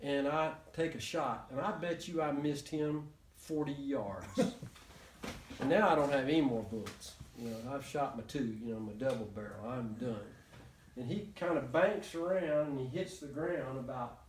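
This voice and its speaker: A man's voice: medium pitch, moderate pace, a little hiss or hum. Rambling man, far from mic. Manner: rambling, with many restarts and chuckles. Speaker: storyteller. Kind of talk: casual storytelling to a small group. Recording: echoey room, mic from far off.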